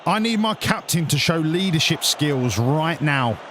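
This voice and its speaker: A man venting at his football game, swearing freely in exasperated outbursts. His voice sits a little high and swings widely in pitch as he rants. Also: animated, unhurried, background noise. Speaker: gamer playing a football management game. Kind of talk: live gameplay commentary.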